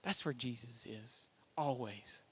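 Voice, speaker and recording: A man's voice: medium pitch, takes it slowly, a bit bright, slightly rough. A young man, a pastor, preaching a sermon in a conversational, self-deprecating way. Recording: reverberant hall.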